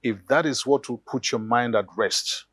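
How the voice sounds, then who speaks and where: A man's voice: mid-range voice, normal speed, a bit bright, dry recording, lightly acted. A man playing a firm, exasperated father in a Nollywood film. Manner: exasperated, lecturing. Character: weary, firm middle-aged father. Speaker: actor.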